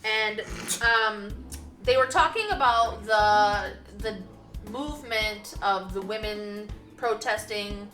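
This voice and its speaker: A woman's voice: medium pitch, takes it slowly, fairly bright tone, roomy sound, soft background music. A woman co-hosting a podcast, chatting casually in a blunt, emphatic way. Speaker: podcast co-host. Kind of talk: casual chat.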